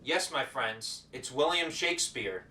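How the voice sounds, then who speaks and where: A man teaching as the host of an educational show, talking in a playful, energetic showman style with repeated greetings. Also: mid-range voice, a little slow, very noisy. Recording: roomy echo, voice distant from the mic.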